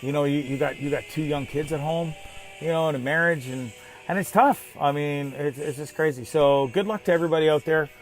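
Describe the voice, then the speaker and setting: High-voiced man ranting, faint music behind. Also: brisk. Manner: animated, exasperated, swears and name-calls. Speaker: host of a live show. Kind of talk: ranting monologue.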